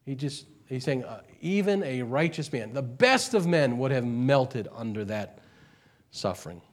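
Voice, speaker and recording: A man preaching a sermon, swinging between quiet and loud and slowing on key words, repeating phrases for emphasis. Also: medium pitch, animated. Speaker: pastor.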